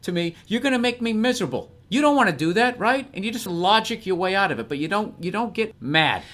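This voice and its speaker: A middle-aged man talks with a high, bright voice in loose podcast banter. He is blunt and animated, and he acts out little scenes of arguments at home. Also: quick pace. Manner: blunt, animated storytelling with acted-out quotes. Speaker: podcast guest. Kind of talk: casual comedic chat.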